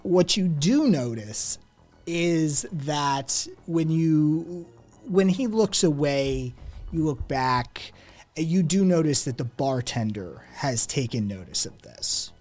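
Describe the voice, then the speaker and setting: A man narrating a tabletop game as game master, describing scenes in an unhurried, descriptive way with fillers. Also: fairly high pitch, expressive, a little mellow, faint music behind.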